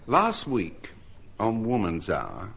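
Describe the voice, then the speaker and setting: A man's voice: fairly low pitch, wildly swooping pitch, slow pace, gravelly, a bit bright. A man on a comedy panel show, giving a comic monologue with a wry, dry delivery.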